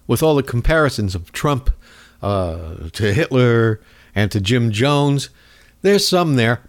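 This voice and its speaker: A man's voice: mid-range voice, no room sound. A male show host delivering an angry, sarcastic political rant. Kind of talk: ranting political commentary.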